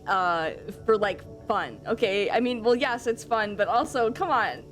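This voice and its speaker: A woman's voice: medium pitch, fairly quick, hardly any pauses, soft background music. A woman streamer chatting casually with her live audience, rambling along with lots of fillers and the odd swear.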